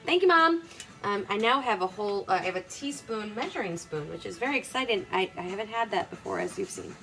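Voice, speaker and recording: A woman's voice: mid-range voice, lively intonation, brisk, vocal fry, bright, forceful tone, poor audio. A young woman hosting her home cooking show in her kitchen, talking casually in a rambling, self-deprecating way full of fillers. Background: playlist music playing faintly.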